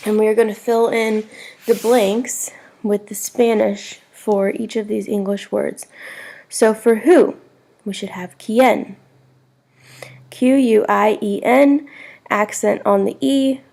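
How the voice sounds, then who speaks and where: A woman's voice: medium pitch, fairly even intonation, slow, vocal fry, darkish tone. A woman teaching a recorded Spanish lesson, spelling words out letter by letter.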